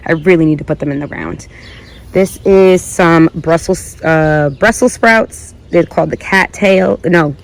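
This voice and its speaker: A woman giving a casual garden tour vlog outdoors, chatty and rambling, thinking aloud and correcting herself as she goes. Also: lowish voice. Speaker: gardening vlogger.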